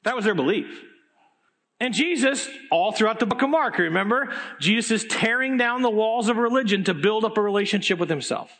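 A man's voice: high voice, expressive, fairly quick, a bit bright. A man preaching a sermon, telling a story with animation and casual slang. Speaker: pastor.

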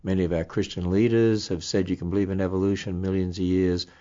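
A man's voice: low voice, little pitch movement, fast talker, mellow, dull audio. An older man with an Australian accent, a guest in an interview, explaining his views in an earnest, emphatic way.

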